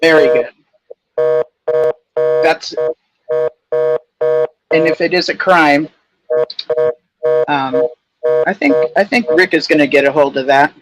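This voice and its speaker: A woman with a low voice, chatting casually as a caller on a livestream, rambling and laughing easily. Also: takes it slowly, long pauses, low-quality recording. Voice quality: low, husky-leaning voice. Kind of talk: casual call-in chat.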